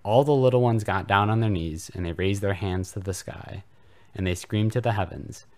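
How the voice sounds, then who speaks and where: A man reading a comedic fanfiction aloud for a podcast in a mock-serious deadpan style. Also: fairly low pitch, moderate pace. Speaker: podcast reader.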